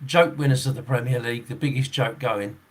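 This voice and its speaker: A man's voice: mid-range voice, steady tone, fairly quick. Rambling, chuckling man in his sixties. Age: 60s. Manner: rambling, chuckling, with frequent fillers and restarts. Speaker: football referee and podcast host. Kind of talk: casual podcast chat.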